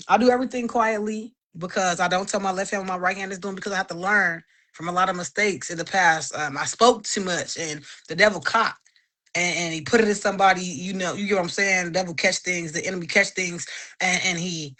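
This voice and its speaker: A woman in casual chat, animated and laughing often, giving an emphatic faith-filled testimony with lots of repetition. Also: fairly low pitch, a little fast.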